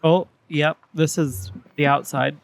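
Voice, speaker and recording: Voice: medium pitch, steady tone, slow pace, gravelly, no echo. A streamer casually commenting and reading dialogue while playing a game, with chatty asides.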